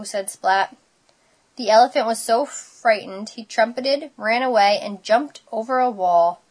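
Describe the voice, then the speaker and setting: A woman reading a picture book aloud, expressive and unhurried, adding her own asides. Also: on the high side. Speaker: storybook reader.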